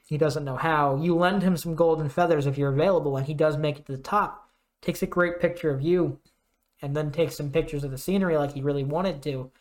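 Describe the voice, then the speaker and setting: A young man co-hosting a podcast, chatting casually and animatedly retelling scenes with quick put-on voices. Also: fairly high pitch, steady tone. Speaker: podcast co-host. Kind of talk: casual chat.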